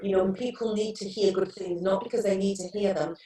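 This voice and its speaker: A woman's voice: mid-range voice, steady tone, a little fast, dark tone. A middle-aged woman, a therapist telling stories earnestly in a casual interview, with many restarts. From England. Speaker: guest therapist. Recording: echoey room, distant mic.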